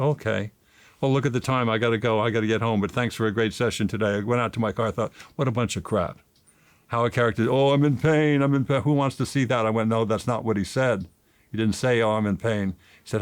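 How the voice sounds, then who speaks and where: A man in his seventies, an actor and author, telling stories in an interview and getting emotional as he talks. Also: no echo. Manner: emotional, rises in pitch when excited. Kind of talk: animated storytelling interview.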